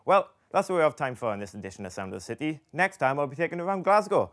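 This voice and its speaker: A man's voice: fairly high pitch, lively intonation, fast, few pauses. A young man presenting a student TV music show, asking questions in a casual, friendly way. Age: young adult.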